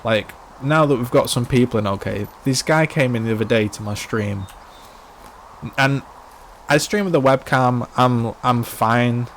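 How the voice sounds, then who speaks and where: A young man with a mid-range voice chats unhurriedly on a live game stream while he plays, rambling along, repeating and restarting his sentences and stuffing them with "like." There's a slight hiss or hum in the recording.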